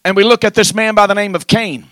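A man's voice: sits high, steady tone, quick pace, a bit bright, no echo. A man preaching a sermon in an emphatic, rhythmic delivery that builds into a chanted cadence.

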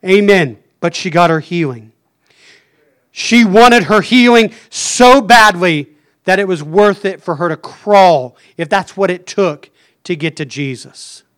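A man's voice: high voice, measured pace, smooth. A man preaching a fervent sermon, stopping often to say "Amen.". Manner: fervent, punctuates phrases with "Amen".

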